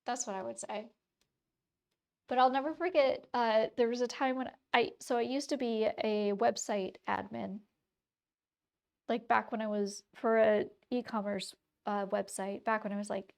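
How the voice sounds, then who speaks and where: Drawing while she chats with her stream audience, a thirtysomething woman speaks with a faint Wisconsin accent and a fairly high, gravelly, slightly mellow voice. Her intonation is fairly even and her pace moderate. She rambles, restarting often and using many fillers.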